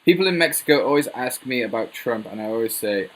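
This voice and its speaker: A man hosting a live Q&A, talking loosely and joking around in a slightly husky voice. His pitch swings widely from line to line, and he rambles in a casual, chatty way. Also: expressive, fairly quick, rough recording. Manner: jokey, rambling, laughs at his own jokes. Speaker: livestream host.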